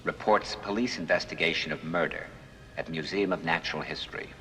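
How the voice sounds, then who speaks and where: An actor playing a terse agent who relays reports in clipped, telegraphic phrases. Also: male voice, low voice, brisk, sharp tone, in a large hall, slight background noise, low-quality recording.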